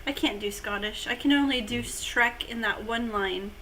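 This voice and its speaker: A woman with a high, bright voice hosts a relaxed live stream. She talks in an unhurried way, playful and teasing with her co-host. A faint hiss sits under her voice. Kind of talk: casual live-stream chat.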